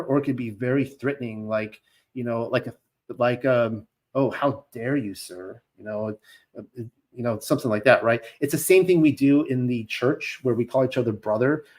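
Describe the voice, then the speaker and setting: Male scripture teacher, mid pitch; measured, earnest readings broken up by easygoing, filler-heavy commentary. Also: darkish tone. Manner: conversational, many fillers and restarts between solemn reading; reads old-style scripture in an earnest, measured tone.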